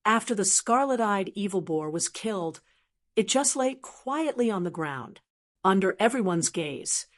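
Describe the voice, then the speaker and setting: A woman narrating a martial arts audiobook in steady, even storytelling. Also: medium pitch. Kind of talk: scripted narration.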